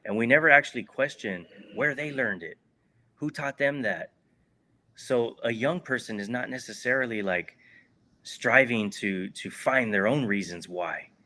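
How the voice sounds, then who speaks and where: Bright-voiced earnest man. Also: mid-range voice, measured pace, slight background noise. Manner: earnest, heartfelt, repeats words for emphasis. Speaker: guest, former prisoner. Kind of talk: reflective interview answer.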